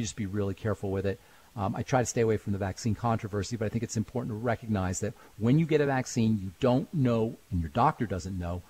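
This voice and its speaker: Brisk male radio pharmacist fielding callers. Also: fairly low pitch, mellow, slight background noise. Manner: brisk, interrupts to steer callers. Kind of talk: call-in radio advice.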